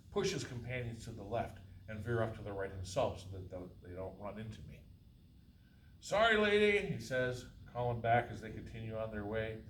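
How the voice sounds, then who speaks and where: A man reading his own first-person novel aloud at a college faculty reading, with a dry, wry delivery. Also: lowish voice. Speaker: author reading his fiction. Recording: roomy, distant, faint hiss.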